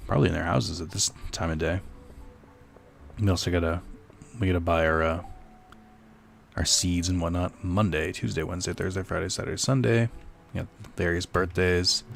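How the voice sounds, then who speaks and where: A man's voice: low-pitched, a little fast, vocal fry, soft background music. A young man giving casual let's-play commentary, rambling and joking with profane asides. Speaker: gaming streamer.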